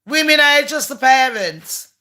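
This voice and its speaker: A woman's voice: high voice, expressive, unhurried, pushed and bright. A woman hosting her own channel, reading a letter aloud and tearing into it with profane, mocking, sarcastic commentary. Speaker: channel host.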